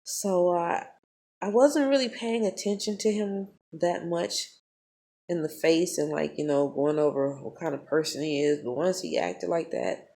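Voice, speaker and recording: A woman, telling a personal story in a casual vlog, blunt and profane, animated as she talks. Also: fairly low pitch, a little slow, gravelly, slight background noise. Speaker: spiritual vlogger.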